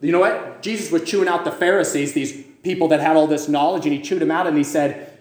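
A man preaching a fervent sermon, firing questions at his listeners and rising to loud cries. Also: fairly high pitch, fairly even intonation, quick pace, echoey room.

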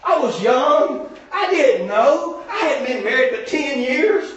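A man preaching a comic sermon, telling jokey stories and often shouting. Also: extremely high pitch, big pitch swings, slow, distant mic, highs cut off, slight background noise. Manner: joking storyteller, often shouting. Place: church sanctuary. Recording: echoey church hall from afar.

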